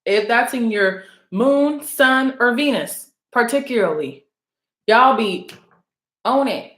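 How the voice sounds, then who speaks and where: A woman's voice: fairly high pitch, lively intonation, slow pace, fairly bright tone. Blunt, casual woman in an echoey room. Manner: blunt, profane, teasing, calls out her audience. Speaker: spiritual reader addressing viewers. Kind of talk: casual rambling monologue to camera. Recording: roomy, echoey room sound.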